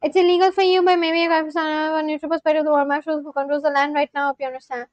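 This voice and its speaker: A woman talks through a casual live stream from her home. Her voice sits high and bright, recorded dry and close, and she keeps up a running, chatty commentary as she reacts to clips and messages from viewers. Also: level tone, rapid-fire, no echo, dull audio. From India. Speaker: language-learning livestreamer.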